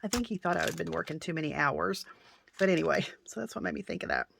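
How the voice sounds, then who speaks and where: A woman's voice: low-pitched, quick pace, gravelly, a bit bright, a little hiss or hum. A woman craft vlogger chatting casually through an unboxing, gushing with delighted exclamations.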